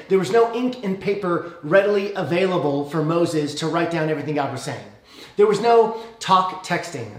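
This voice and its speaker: A man with a fairly high voice gives a sermon, retelling the story casually and checking in with the congregation as he goes. His voice rings around an echoey room. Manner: conversational, asks the congregation "okay?" often. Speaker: preacher.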